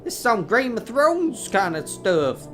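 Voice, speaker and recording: A man's voice: sits high, sing-song, a little slow, a bit bright, soft background music. A man hosting a game video, reading dialogue aloud with jokey asides and self-mocking laughs. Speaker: gaming video host.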